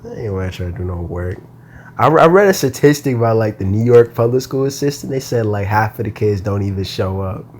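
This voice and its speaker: A man's voice: lowish voice, expressive, brisk, a little mellow. A young man hosting a casual solo podcast, talking in a laid-back, slangy ramble and sounding tired. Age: young adult. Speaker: podcast host.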